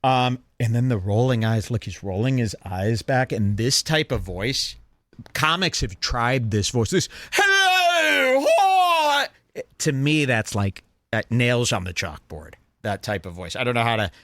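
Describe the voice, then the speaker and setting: A man's voice: fairly low pitch, moderate pace, a bit bright, no room sound. A man hosting a podcast, mocking and sneering in casual commentary over video clips. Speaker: podcast host.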